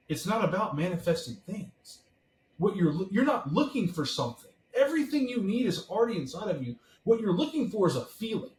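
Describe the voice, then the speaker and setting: A man's voice: fairly high pitch, a little mellow, reverberant, slight background noise, rough recording. A man being interviewed as a podcast guest, explaining his ideas earnestly and stressing his points by repeating phrases. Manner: emphatic, builds points through repeated phrases.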